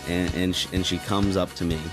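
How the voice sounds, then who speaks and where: A man co-hosting a casual podcast, telling an absurd made-up story in a deadpan way. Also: deep voice, fairly quick, over music. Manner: tells absurd tall tales deadpan. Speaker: podcast co-host.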